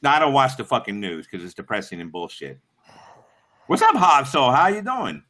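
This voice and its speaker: A middle-aged man hosting a livestream tells rambling, profane stories to his chat, acting out the voices of the people in them. His medium-pitched voice swings hugely in pitch, with a brisk pace and sharp tone.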